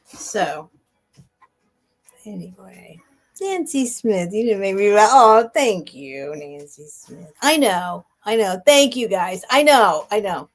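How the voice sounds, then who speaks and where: A woman's voice: mid-range voice, very animated, takes it slowly. A middle-aged woman hosting a casual live sale stream, talking in a chatty, rambling way with emotional asides.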